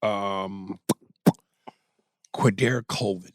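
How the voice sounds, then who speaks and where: A man's voice: lowish voice, drawn-out words, gravelly, long pauses, dry recording, studio quality. A man co-hosting a comedy podcast, joking and cursing as he reads listener emails aloud. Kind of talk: casual comedic podcast chat.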